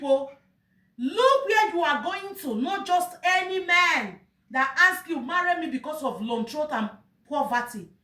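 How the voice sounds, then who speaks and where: A woman's voice: high voice, bright, forceful tone, distant mic. A Nigerian woman giving an emotional, pleading monologue, crying out to God and lamenting. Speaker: vlogger. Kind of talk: impassioned monologue. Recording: echoey room, voice off-mic.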